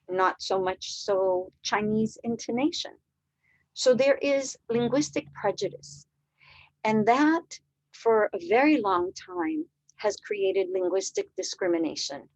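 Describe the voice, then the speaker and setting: A woman's voice: mid-range voice, darkish tone. Female presenter, 60s, non-native English speaker, earnest and emphatic conference talk, mid-range voice. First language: a language other than English. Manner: earnest, emphatic, poses rhetorical questions. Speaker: educator presenting a conference session.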